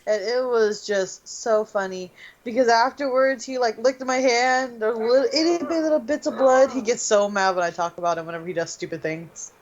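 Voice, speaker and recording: A woman's voice: a little high, moderate pace. Rambling woman on a lo-fi mic. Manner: rambling storytelling with fillers. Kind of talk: casual chat. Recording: dull lo-fi sound.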